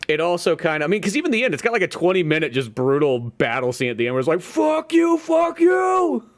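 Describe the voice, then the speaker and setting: A man co-hosting a podcast in casual chat, rambling and swearing, with loud animated retellings. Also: on the high side, racing. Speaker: podcast co-host.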